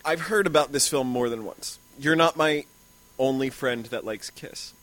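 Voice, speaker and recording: A man's voice: medium pitch, normal speed, a bit bright, no echo. A man in a casual comedy chat, joking and bantering in a wry, playful way.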